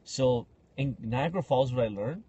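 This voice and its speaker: A man hosting a podcast, casually telling animated stories and acting out the people in them. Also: medium pitch, normal speed, husky, dull audio. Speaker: podcast host. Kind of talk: casual storytelling chat.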